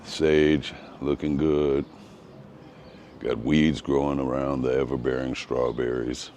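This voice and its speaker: A man's voice: extremely low pitch, little pitch movement, slow pace, a little mellow, a little hiss or hum. A man giving a casual vlog walk-through of his home garden outdoors, talking in a hesitant, rambling way with frequent ums. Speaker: gardening vlogger.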